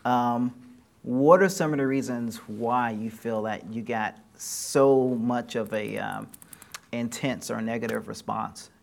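Man, casual home chat, animated, filler-heavy, medium pitch. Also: slow, creaky. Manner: animated, talks in long run-on stretches with many fillers. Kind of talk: casual conversation. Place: living room.

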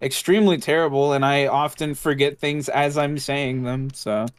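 Smooth-voiced man rambling in casual chat. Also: mid-range voice, fairly even intonation, moderate pace, no echo. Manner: rambling, swears often, heavy use of "like". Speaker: podcast co-host.

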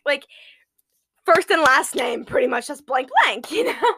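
A woman's voice: high-pitched, big pitch swings, moderate pace, sharp tone. A teenage girl hosting a solo podcast, chatting casually and gushing, often laughing at her own jokes. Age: teens. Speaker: podcast host.

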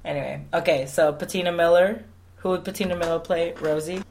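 A man's voice: fairly high pitch, fairly even intonation, brisk, vocal fry, darkish tone, slight background noise. A male podcast co-host chatting casually, his delivery playful and teasing. He slips easily into laughter and keeps a light, joking tone while reading out plugs and picks. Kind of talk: casual chat.

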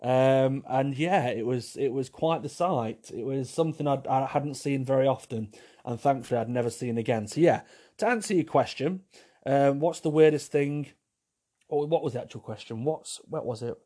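A man's voice: mid-range voice, moderate pace, dark tone. A man hosting a podcast, chatting casually through listener questions. He rambles, repeats himself and pokes fun at himself. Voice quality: rambling, repeats himself, wry self-mocking humour. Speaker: podcast host. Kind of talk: casual solo chat answering listener questions.

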